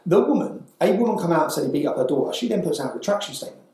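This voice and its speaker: A man's voice: on the high side, lively intonation, very fast, darkish tone, very echoey, low-quality recording. A man telling his story as an interview guest, fervent and pressing, tagging his points with "yeah?". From England. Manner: fervent, tags lines with "yeah?". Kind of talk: heated storytelling.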